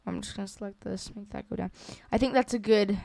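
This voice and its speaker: A woman walking through a software drawing tutorial in a casual, hesitant way, with many fillers and self-corrections. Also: mid-range voice, fairly even intonation, quick pace, creaky, no echo. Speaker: tutorial creator. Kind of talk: screen-recorded software tutorial.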